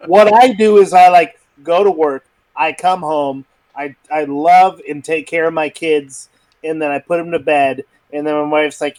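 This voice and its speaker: A laid-back man in his thirties with a fairly high voice, talking over a video call. He swears freely and laughs often. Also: normal speed, a little mellow. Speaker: podcast guest. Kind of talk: casual chat.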